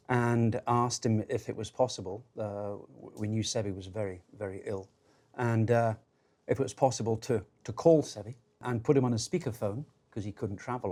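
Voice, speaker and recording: Scottish man in his fifties, emphatic storyteller at a relaxed dinner chat, mid-range voice. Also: medium pitch. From Scotland. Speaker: former Ryder Cup captain.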